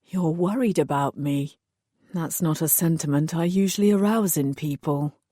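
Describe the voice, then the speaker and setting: A woman doing a low teasing man. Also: moderate pace, mellow, dry recording, clean studio sound. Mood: flirtatious. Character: wry, teasing adult man, a magical love interest.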